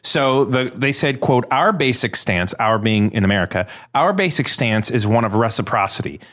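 A man's voice: medium pitch, expressive, moderate pace, fairly bright tone. A man co-hosting a talk show, explaining a study in a casual, chatty way with many fillers. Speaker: podcast co-host. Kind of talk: casual chat.

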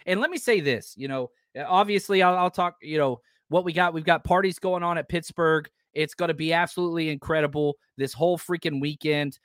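A man's voice: on the high side, fairly quick, few pauses, fairly bright tone, no echo, clean studio sound. A man hosting a live sports fan podcast, talking with enthusiasm and gratitude and reading listener comments aloud. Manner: enthusiastic, grateful, reads chat comments aloud. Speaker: podcast host.

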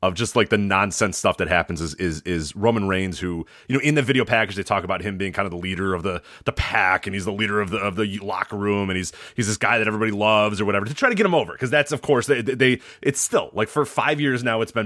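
A man co-hosting a wrestling podcast, ranting in casual chat, animated and profane, often laughing. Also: on the low side, fast, no room sound, studio quality.

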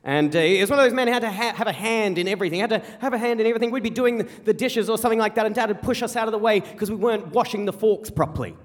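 An Australian man from rural South Australia telling a comic personal story live on stage, animated and quick with repeated phrases. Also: high voice. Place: theater stage before a live audience. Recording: long hall reverb from a live venue.

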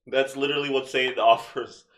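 Animated swearing man hosting a podcast. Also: medium pitch, a little fast. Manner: animated, swears freely, rhetorical questions. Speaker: podcast host. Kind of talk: casual podcast chat.

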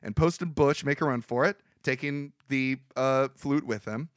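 A man hosting a podcast, casually recapping a movie with frequent laughter and lively put-on quotes. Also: medium pitch, moderate pace, clean tone, no room sound, clean studio sound. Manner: laughs often, animated retelling with put-on quotes. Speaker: podcast host.

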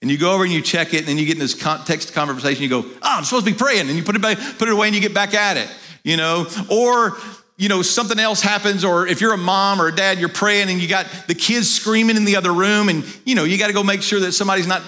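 Middle-aged guy pastor, bright forceful voice, storytelling sermon, real casual. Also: sits high, steady tone, quick pace. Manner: conversational storytelling with acted quotes.

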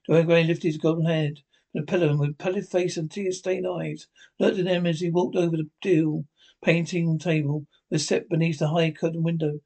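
A man narrating a classic novel as an audiobook, reading in a steady, measured way. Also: a little high, vocal fry, rough recording. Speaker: reader.

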